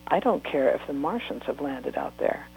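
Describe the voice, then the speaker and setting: A woman reading a book aloud, voicing a tired mother who speaks calmly and firmly. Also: rumbling low, moderate pace, vocal fry, a little hiss or hum, heavily acted, poor audio. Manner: calm, firm. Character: calm, tired young mother.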